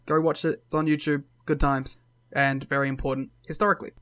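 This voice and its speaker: A man's voice: a little high, little pitch movement, a little fast, fairly bright tone. A man co-hosting a casual wrestling podcast, making dry, joking asides. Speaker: podcast co-host.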